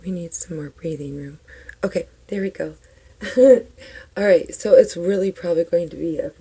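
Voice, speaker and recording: Older woman rambling in a low mellow voice. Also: fairly even intonation, normal speed. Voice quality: morning voice, a bit rough. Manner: rambling, warm-hearted babble with fillers. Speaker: spiritual reading vlogger. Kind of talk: casual chatty tarot vlog.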